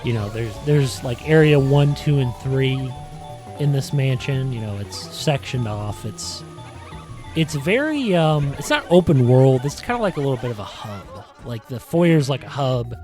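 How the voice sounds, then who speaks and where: A man talks through his podcast episode in a loose, rambling way, padding his sentences with "like" and "you know". His voice sits at an ordinary middle pitch, and faint music plays underneath. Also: lively intonation, a little slow, a little mellow. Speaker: podcast host. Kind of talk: casual retrospective monologue. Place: in front of a green screen.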